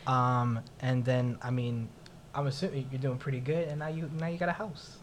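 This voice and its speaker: A woman's voice: rumbling low, fairly even intonation, moderate pace, a little hiss or hum. A woman hosting a casual interview, prompting her guest and giving lots of small encouraging responses. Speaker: podcast host.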